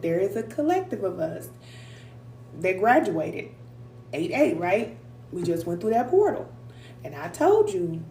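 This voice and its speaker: A woman's voice: mid-range voice, mellow. A woman giving a motivational spiritual self-help talk to viewers, emphatic and repeating short affirmations in a conversational way. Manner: conversational, addresses viewers directly. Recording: echoey room with faint hum.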